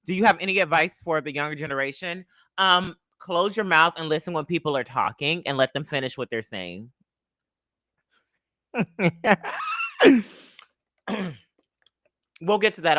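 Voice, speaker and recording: Sassy, animated young man livestreaming. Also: fairly high pitch, fairly quick, no room sound, clean studio sound. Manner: animated, sassy, chatty, greets viewers. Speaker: livestream host. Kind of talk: casual livestream storytelling.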